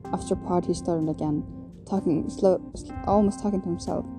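A woman reading a novel aloud in steady storytelling narration. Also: on the low side, brisk. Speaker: reader. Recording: guitar music playing behind.

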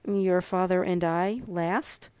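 A patient, amused mother, read by a woman, calm and lightly teasing. She speaks slowly and evenly. The sound is dry, with no room around it. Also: on the low side, clear, resonant tone, dry recording.

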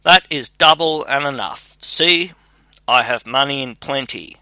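A man's voice: medium pitch, a little slow, pushed and bright, dry recording. A man reading a clever young scholar son. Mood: reassuring.

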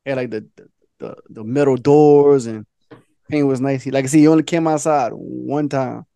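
A man's voice: mid-range voice, moderate pace, vocal fry, mellow, dry recording. A man, co-hosting a podcast and telling a loose, slangy story with laughs. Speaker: podcast co-host. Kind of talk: casual storytelling chat.

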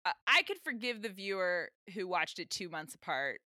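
A woman co-hosting a casual rewatch podcast, animated and exasperated, swearing casually as she chats. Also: on the low side, moderate pace, no echo, clean studio sound. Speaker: podcast co-host.

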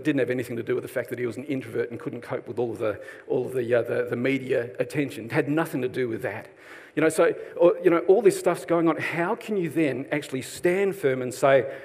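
A man's voice: medium pitch, a little mellow. Aussie preacher guy, middle-aged, chatty and jokey with the crowd, church hall echo. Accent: Australian. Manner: chatty, self-deprecating, jokes with the congregation. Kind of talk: sermon. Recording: long hall reverb.

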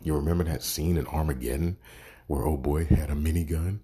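A man's voice: very deep voice, steady tone, brisk, warm tone, breathy edge. A man giving a casual, profane movie review, exasperated and sarcastic, swearing constantly.

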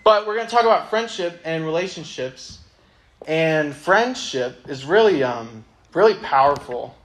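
A man's voice: on the high side, expressive, a little slow, a bit bright. Casual young man preaching to a youth group. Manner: casual, conversational, many ums. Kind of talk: sermon with Bible reading.

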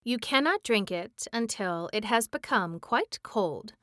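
A woman's voice: on the high side, lively intonation, measured pace, a bit bright, no echo, clean studio sound. A woman voicing a stern, wrinkled old witch in a read-aloud storybook, speaking severely.

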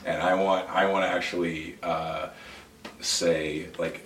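A man with a low, deep voice chats casually as a church podcast co-host, cracking jokes and laughing as he stumbles through restarts. He sounds far from the mic in a roomy, echoing space, with faint background noise. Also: flat delivery, fairly bright tone. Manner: jokey, laughs often, halting restarts. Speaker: lead pastor, podcast co-host. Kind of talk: casual chat.

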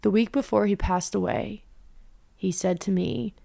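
A woman's voice: medium pitch, steady tone, unhurried, creaky, mellow. A young woman telling a personal story in an emotional, intense way, her voice climbing when she gets upset.

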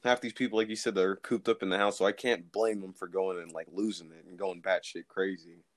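A man's voice: sits low, level tone, brisk, no room sound. A man co-hosting a casual chat, easygoing and agreeable, thinking aloud as he talks. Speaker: podcast co-host.

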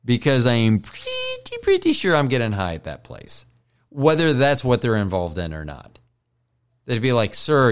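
A man hosting a solo podcast while stoned, rambling, joking and swearing, with frequent apologies and self-deprecation. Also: medium pitch. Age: older. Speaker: podcast host.

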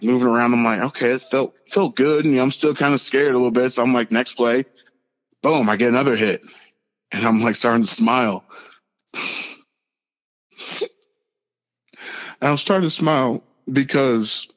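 A young man, a podcast guest, telling a personal story in an earnest, halting way with many fillers and restarts. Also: mid-range voice, a bit bright. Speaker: podcast guest, pro football player. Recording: lo-fi with long reverb.

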